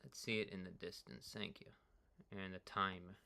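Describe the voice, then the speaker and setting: A man casually rambling through his own workout data, excitable and full of "like", swinging between hype and low mutters. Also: normal speed, creaky. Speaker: cyclist streamer reviewing his workout.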